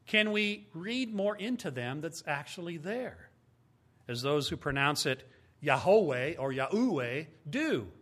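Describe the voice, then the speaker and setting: A man's voice: fairly high pitch, sharp tone. A man giving a teaching sermon as a Bible teacher, speaking emphatically and explaining step by step with rhetorical questions.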